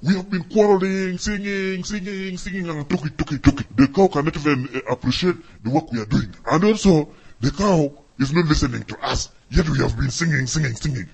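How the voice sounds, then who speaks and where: A man's voice: a little high, a little fast, a little mellow, husky. A man playing a grumbling protester who complains in repeated words and demands money. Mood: complaining. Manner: complaining, repetitive.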